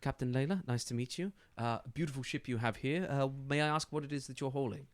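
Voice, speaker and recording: A man's voice: mid-range voice, fast talker, pitched above the performer's own voice, lightly acted. A man doing a formal holy order captain, a woman. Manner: clipped, formal, polite questioning.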